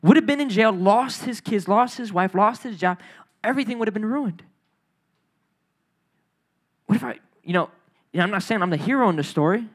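A high-pitched man delivering a storytelling sermon, casual and full of slang. He swings between quiet asides and loud, excited retellings, voicing the people in his tales as he goes. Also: moderate pace, long pauses. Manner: animated, slangy, acts out the people in his stories. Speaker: preacher. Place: church hall.

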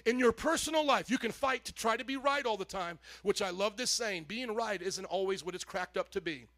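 A male pastor preaching a sermon to his congregation, animated, calling out to the audience and rising to shouts. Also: high voice, fairly quick.

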